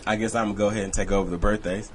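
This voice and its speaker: A man's voice: on the low side, little pitch movement, racing, a little hiss or hum. A male host of a music talk show, reading birthdays and teasing his co-host. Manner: easygoing, teasing. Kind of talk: casual radio show banter.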